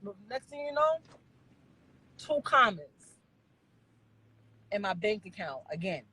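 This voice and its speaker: A woman's voice: medium pitch, very animated, slow pace, bright, forceful tone, slightly rough, low-quality recording. A woman in her forties, ranting bluntly and profanely at her viewers on a phone live stream.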